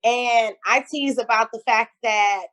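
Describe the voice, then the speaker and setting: A woman's voice: on the high side, measured pace. A middle-aged woman who tells stories in a casual interview and acts out the voices she quotes. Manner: storytelling, animated, acts out quotes. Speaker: guest entrepreneur.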